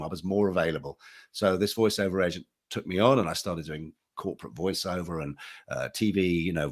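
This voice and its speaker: A man, an actor and audiobook narrator speaking casually and anecdotally on a panel. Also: low-pitched. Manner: conversational, anecdotal, with many restarts.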